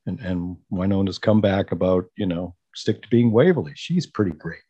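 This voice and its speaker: A man's voice: low voice, normal speed, warm tone, husky, dull audio. A man co-hosting a podcast in casual chat, gushing about favorite scenes. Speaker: podcast co-host.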